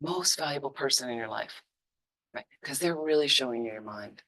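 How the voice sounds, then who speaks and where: Woman, low voice, Buddhist teacher, informal, emphatic. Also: moderate pace. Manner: conversational, emphatic, lively asides.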